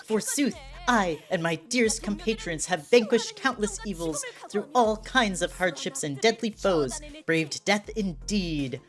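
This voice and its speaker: A woman's voice: mid-range voice, animated, a little slow, hardly any pauses, fairly bright tone, voice pushed up. A woman voicing an exuberant female knight who speaks in a theatrical, old-fashioned way. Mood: grandiose.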